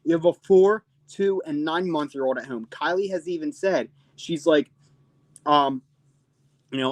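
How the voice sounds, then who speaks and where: A man's voice: a little high, measured pace, no room sound, rough recording. Emotional young man hosting a postgame stream. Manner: emotional, rambling, swears freely. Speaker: host.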